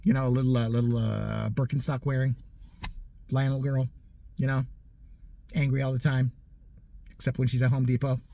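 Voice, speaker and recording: A man's voice: medium pitch, flat delivery, moderate pace, vocal fry, long pauses, dark tone, slight background noise. A man in his forties delivering a profane, mocking comedic rant in a heated way. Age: 40s. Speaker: comedic ranter.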